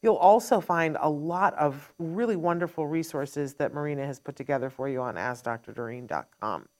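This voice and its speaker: A woman's voice: low voice, brisk, darkish tone. A woman hosting a live Q&A show, chatty and upbeat, running through announcements in long strings. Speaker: host.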